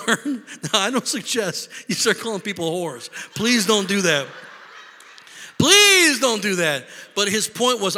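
A man preaching a sermon, telling stories with lively voices and shouted lines for emphasis. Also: high-pitched, big-room sound. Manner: animated storytelling, shouting for emphasis. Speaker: pastor.

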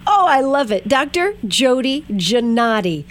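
A woman's voice: high voice, big pitch swings, a little slow, a little hiss or hum. A woman hosting an interview, enthusiastic and full of exclamations. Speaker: host.

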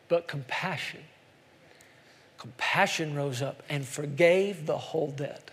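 High-voiced impassioned preacher in a reverberant hall. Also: male voice, slow pace, slight background noise. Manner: impassioned, swings between soft hushed lines and loud climbs. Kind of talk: sermon.

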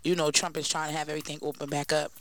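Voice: medium pitch, little pitch movement, racing, fairly bright tone. A podcast co-host chatting casually and talkatively, with many filler words. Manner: talkative, lots of "like" and "you know". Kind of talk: casual chat.

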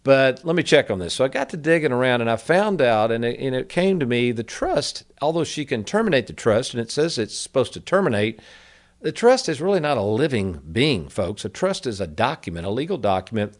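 A man's voice: mid-range voice, very animated, brisk. A middle-aged man hosting a radio advice show, talking casually and folksy, calling his listeners folks. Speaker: radio show host, annuity advisor. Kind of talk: casual financial advice talk.

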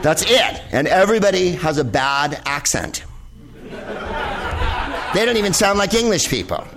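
A man's voice: sits high, very animated, moderate pace, background noise. A man hosting a live show, delivering a rambling, profane comic monologue full of digressions. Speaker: comedian host. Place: live venue in Los Angeles with audience.

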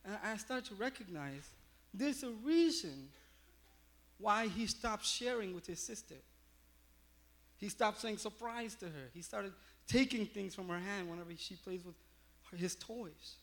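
High-voiced man preaching a lively sermon. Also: measured pace. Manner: animated storytelling with many fillers. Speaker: pastor.

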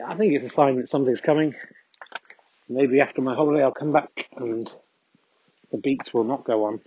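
A man's voice: medium pitch, normal speed, pauses often, mellow, slightly rough, no room sound, dull audio. A man hosting a podcast, rambling dryly and mocking himself while walking his dog outdoors. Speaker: podcast host. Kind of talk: casual walking monologue.

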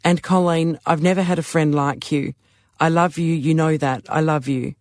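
A man's voice: a little high, fairly even intonation, moderate pace, a little mellow, no echo, studio quality, natural voice. Man voicing a tearful drunk woman. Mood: sobbing. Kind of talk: audiobook character voice.

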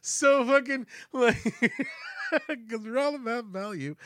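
A man in his thirties telling a loud, profane story in casual chat, often mimicking the people in it. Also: extremely high pitch, slow, no room sound, studio quality. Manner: profane, animated, mimics voices in anecdotes.

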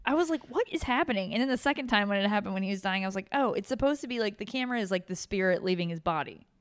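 A woman's voice: medium pitch, expressive, very fast, clean tone, dry recording, studio quality. A woman guest on a podcast in casual chat, chiming in with corrections and eager opinions.

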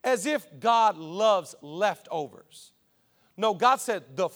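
High-voiced man preaching with emphatic repetition. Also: expressive, takes it slowly. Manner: emphatic and repetitive, swinging from quiet to loud. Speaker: pastor. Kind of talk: sermon. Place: church.

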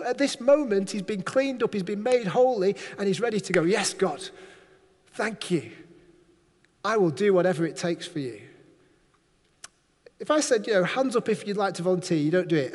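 Lively preacher in an echoing hall. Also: male voice, sits high. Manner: lively, playful, acts out quoted voices. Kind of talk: sermon. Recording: long hall reverb.

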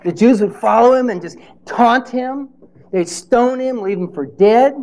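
A man's voice: very high-pitched, measured pace, a little mellow. Conversational male preacher. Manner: conversational, rhetorical questions, playful asides. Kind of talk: sermon.

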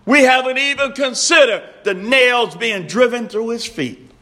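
A man preaching a sermon, slow and emphatic, repeating his refrains and rising to shouts. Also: very high-pitched.

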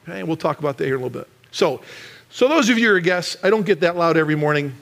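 A middle-aged man preaching a sermon in church, animated and sometimes rising to a shout for emphasis. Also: a little high, very fast, gravelly. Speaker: pastor.

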